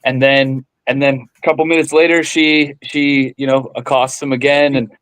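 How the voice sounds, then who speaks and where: A man's voice: mid-range voice, flat delivery, normal speed, fairly bright tone, dry recording, rough recording. A man chatting casually as a guest, gushing with gratitude and telling a joke with enthusiasm.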